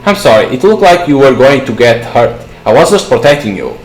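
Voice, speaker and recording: A man voicing a calm, friendly young woman who speaks reassuringly, in a visual novel reading. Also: mid-range voice, brisk, echoey room, poor audio.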